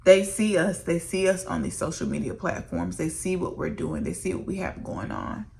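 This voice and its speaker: Earnest, gravelly-voiced woman minister. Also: fairly low pitch, wildly swooping pitch, normal speed, darkish tone, a little hiss or hum. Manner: earnest, emotional, addresses viewers as "y'all". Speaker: licensed minister and vlogger. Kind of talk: candid faith testimony to camera.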